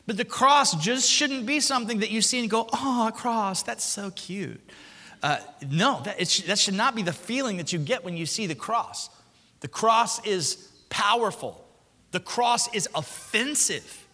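A male pastor delivers an emphatic sermon. His voice sits high and bright, and he keeps a conversational, punchy rhythm with frequent rhetorical questions. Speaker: senior pastor.

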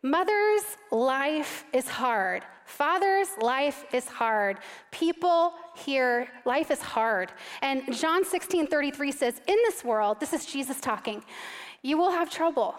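Woman in her 30s telling a funny family story in a sermon, high voice, lots of hall reverb. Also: slow pace. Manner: animated, self-mocking storytelling. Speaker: speaker giving a sermon. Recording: long reverb of a large hall.

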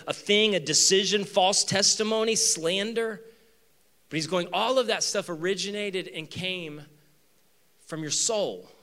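A man preaching a sermon to his church, animated, acting out voices in the story and moving between loud emphasis and quiet asides. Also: high voice. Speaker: pastor. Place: church with two campuses.

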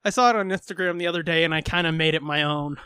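A man's voice: a little high, rapid-fire, bright, forceful tone, clean tone, no room sound, clean studio sound. A man hosting a podcast in casual chat, joking crudely and laughing often. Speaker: podcast host.

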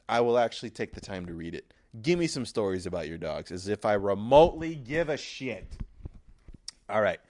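A young man hosts his own podcast alone, rambling crude and sarcastic with plenty of swearing. His pitch jumps around a lot as he talks. The sound is dry and close, with no room echo. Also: lively intonation, a little fast. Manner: crude, sarcastic, profane, swings into mock shouting. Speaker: podcast host. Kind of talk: solo comedic podcast rant.

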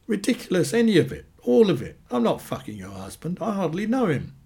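A man's voice: mid-range voice, expressive, fairly quick, a little mellow, husky. A man reading a story aloud, voicing a flustered woman who denies an affair. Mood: defensive. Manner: flustered denials. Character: defensive woman accused of an affair.

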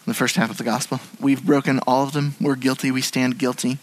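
A man preaching a sermon as pastor in a church, moving between hushed and animated delivery. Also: mid-range voice, brisk, low-quality recording. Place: church sanctuary.

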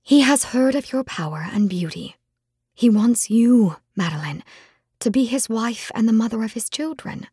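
A woman voicing a gentle, resigned queen mother in an audiobook, speaking softly and soothingly. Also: a little high, expressive, normal speed, husky, no room sound, clean studio sound, full character voice. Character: gentle, sorrowful queen mother, middle-aged. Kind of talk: audiobook reading.

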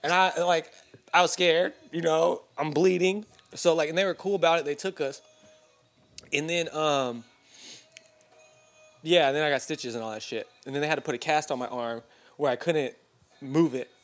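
Casting note: young male co-host, slightly high voice, loose rambling storyteller, swears casually. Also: steady tone, moderate pace, long pauses, fairly bright tone. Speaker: podcast co-host. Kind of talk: casual chat.

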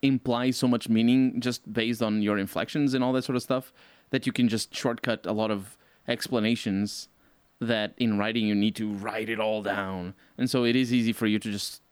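A man's voice: fairly low pitch, normal speed, clean tone, no room sound. A man in casual podcast chat, ranting with exasperated energy and laughing between points. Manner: animated, exasperated rants with laughs.

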